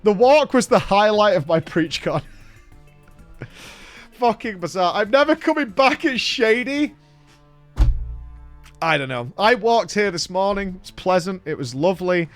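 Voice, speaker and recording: A man's voice: sits high, unhurried, pauses often, soft background music. A man, hosting a casual podcast and telling a story with lots of swearing and laughter. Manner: animated, swears a lot, laughs through the story. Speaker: podcast host.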